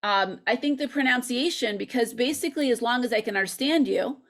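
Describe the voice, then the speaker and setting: Speaking fairly quickly in a higher-pitched voice, this woman from the United States, an English teacher who runs a channel, thinks aloud during a casual interview over a video call. She's chatty and reflective, with plenty of ums.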